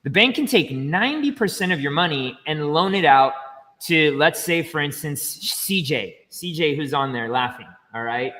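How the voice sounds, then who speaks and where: A man explaining banking step by step in casual livestream chat, chatty and quick to laugh. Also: a little high, animated, bright, forceful tone, in a large hall. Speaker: finance educator guest.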